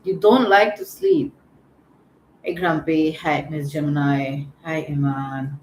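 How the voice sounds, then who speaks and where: A woman's voice: low voice, takes it slowly, darkish tone. A woman hosting a livestream, greeting viewers by name in a chatty, teasing way. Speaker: livestream host. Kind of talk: casual livestream chat. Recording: echoey room with faint ambient noise.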